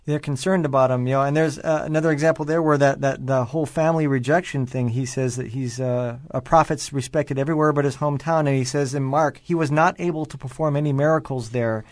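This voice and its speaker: Brief: male podcast co-host, rapid and chatty, dry sound. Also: medium pitch, fairly even intonation, dry recording. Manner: quick, chatty interjections. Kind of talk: conversational podcast discussion.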